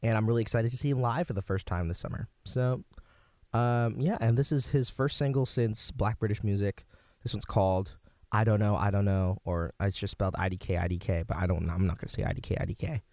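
A man's voice: fairly low pitch, fairly quick, a little mellow, no echo. Young man, college radio host, casual enthusiastic chat, rambling, dry studio sound.

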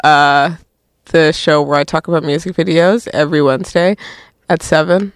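A man's voice: fairly high pitch, fairly even intonation, normal speed, a bit bright, clear, resonant tone, dry recording. A young man hosting a radio show, chatting casually in a tired, laid-back way, rambling with lots of "like" and "um". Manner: rambling, filler-heavy, full of "like" and "um".

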